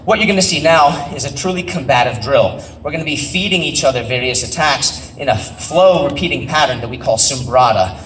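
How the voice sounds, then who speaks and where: A man's voice: medium pitch, fairly quick, few pauses, a bit bright. A man, a martial arts instructor, explaining a live demonstration to a festival crowd in a plain, matter-of-fact way. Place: outdoor festival. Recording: echoey, distant, faint outdoor noise.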